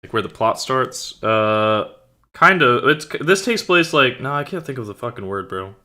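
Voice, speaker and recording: Bright-voiced young man chatting casually. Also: medium pitch, expressive, moderate pace. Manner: rambling, swears a lot, searches for words. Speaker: streamer and writer. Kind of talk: casual chat with stream chat before a reading.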